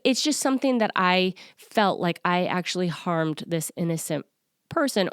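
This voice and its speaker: A woman in her forties, a self-worth coach, talking to listeners in an earnest, confiding way with soft laughs. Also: on the low side, no room sound, clean studio sound. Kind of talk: personal solo podcast talk.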